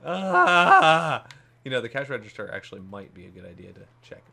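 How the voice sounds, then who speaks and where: A man's voice: low-pitched, racing, vocal fry, fairly bright tone, slightly rough. A man playing a co-op game with a friend, giving orders, swearing and laughing as they fumble the controls. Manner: laughing, swearing, bossy instructions. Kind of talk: casual game commentary.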